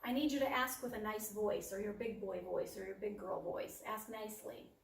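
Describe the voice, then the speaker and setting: A workshop presenter with a mid-range, gravelly voice gives practical parenting advice at a steady tone and normal speed. Occasionally she acts out what a parent might say to a child, and she is recorded far from the mic in an echoey room.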